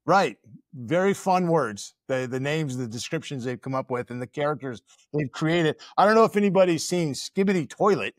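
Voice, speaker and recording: A man's voice: fairly high pitch, animated, moderate pace, no room sound, studio quality. Rambling man hosting a podcast. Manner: rambling, many filler words and restarts. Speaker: podcast host. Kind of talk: casual podcast chat. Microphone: studio microphone.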